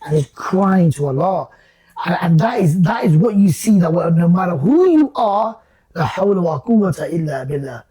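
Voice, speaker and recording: A man, a podcast guest in casual chat, telling stories in an animated, emphatic, slangy way. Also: sits high, moderate pace, poor audio.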